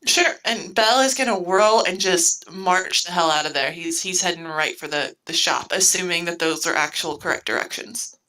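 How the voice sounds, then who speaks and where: A woman at a tabletop game describes her character's actions in an upbeat way. Her voice has a bright, forward edge. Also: on the low side, moderate pace, few pauses, low-quality recording. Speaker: player. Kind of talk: tabletop role-play chat.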